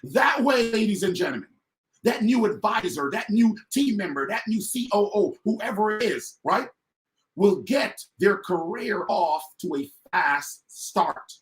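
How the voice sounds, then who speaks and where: A man delivers a motivational business talk in a high-pitched voice. His delivery is emphatic and repetitive and swings between loud bursts and quiet stretches. The pitch leaps around with animated energy. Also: a little slow. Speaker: motivational speaker and business coach. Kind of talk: fired-up motivational talk to an online audience.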